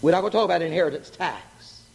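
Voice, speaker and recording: A middle-aged man preaching a sermon, animated and joking, asking the congregation questions. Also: fairly high pitch, fast talker, gravelly, slightly rough. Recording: long hall reverb.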